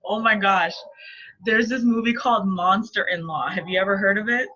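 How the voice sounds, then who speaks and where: Woman in her thirties, giggly playful coach, bright voice, muffled lo-fi recording. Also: mid-range voice, normal speed. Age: 30s. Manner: playful, laughs often. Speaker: marketing coach. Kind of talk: casual live teaching. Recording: dull lo-fi recording.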